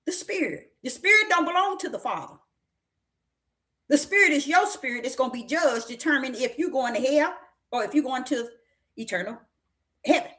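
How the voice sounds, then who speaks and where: Woman preacher, high and lively voice, folksy, emphatic, questioning the congregation. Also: moderate pace, pauses often. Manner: emphatic, repetitive, questioning the listeners; folksy, with breaks into laughter. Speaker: prophetess preaching. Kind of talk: sermon.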